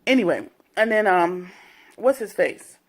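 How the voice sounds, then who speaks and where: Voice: medium pitch, lively intonation, unhurried. A reality TV reviewer giving a casual, slangy recap, retelling scenes in mock quotes with plenty of profanity.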